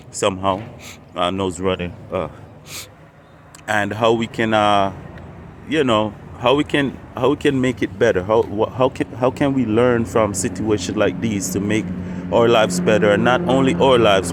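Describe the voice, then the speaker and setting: A man's voice: lowish voice, a little hiss or hum. A man hosting a spiritual channel, talking unscripted and meandering, often repeating and restarting phrases. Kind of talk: unscripted casual monologue.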